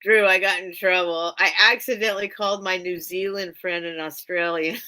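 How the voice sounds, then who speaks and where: A woman's voice: on the low side, fairly even intonation, normal speed, bright, forceful tone. A woman hosting a casual live-stream sale, chatting and thinking aloud as she greets viewers by name. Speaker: live online sale host.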